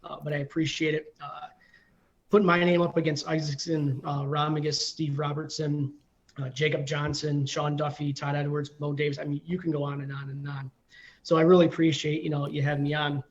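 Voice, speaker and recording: A firefighter in his forties chats as a guest and tells a long story, filling gaps with ums and you-knows. His voice is a bit high for a man. The audio comes through dull and lo-fi, like a call. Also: level tone, fairly quick. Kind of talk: casual interview storytelling.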